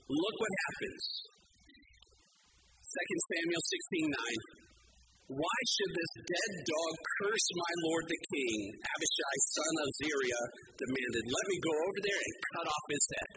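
Male pastor, mid-high voice, lively delivery with heavy noise behind him. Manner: animated storytelling, acts out quoted voices. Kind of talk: sermon.

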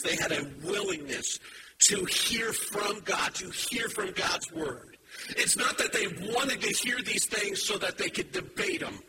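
A preacher man with a fairly high voice delivers a sermon from a church stage. He talks in a relaxed, storytelling way, then climbs into loud, emphatic urging. The recording carries clear background noise. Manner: animated, builds to emphatic exhortation. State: has a headache.

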